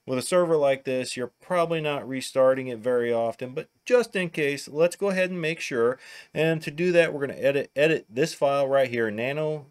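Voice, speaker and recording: A man with a Midwestern American accent talks briskly in a mid-range voice, casually narrating each step of a computer tutorial as he works through a screen recording.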